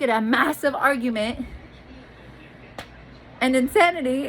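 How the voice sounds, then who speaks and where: A woman's voice: high-pitched, unhurried, pauses often, fairly bright tone, a little hiss or hum, low-quality recording. A woman venting to her camera in a blunt, rambling monologue, swearing freely and repeating herself. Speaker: vlogger.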